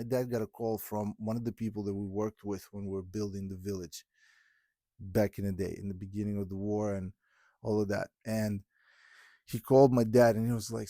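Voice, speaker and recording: A man's voice: lowish voice, flat delivery, moderate pace, warm tone, no echo, clean studio sound. A man from Ukraine, hosting a podcast and speaking earnestly and from the heart, often breaking off and restarting. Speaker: podcast host. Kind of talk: candid podcast conversation.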